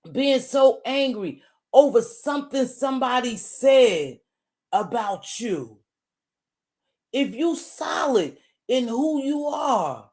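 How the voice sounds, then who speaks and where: A woman vlogger giving casual, blunt commentary, animated and repeating points for emphasis. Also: a little high. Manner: blunt, informal.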